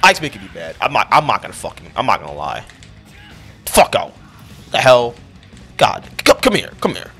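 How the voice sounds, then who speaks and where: A man giving profane live commentary over his own gameplay, muttering one moment and yelling the next. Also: mid-range voice, wildly swooping pitch, moderate pace, long pauses, faint music behind. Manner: profane, reactive, swinging between muttering and yelling. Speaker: gaming commentator.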